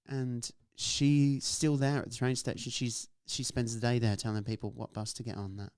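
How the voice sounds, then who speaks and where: Aussie guy spinning a yarn, swears a lot, smooth voice, dry sound. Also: mid-range voice, moderate pace, hardly any pauses, no room sound. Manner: animated, swears freely. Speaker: podcast host. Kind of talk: casual storytelling.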